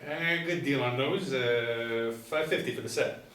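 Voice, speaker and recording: A man's voice: mid-range voice, measured pace, a bit bright, natural voice. A man reading the part of an oily, cheating, chubby male garage owner at a screenplay table read, with folksy, hustling sales talk full of fillers. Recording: roomy, distant mic, faint background hum.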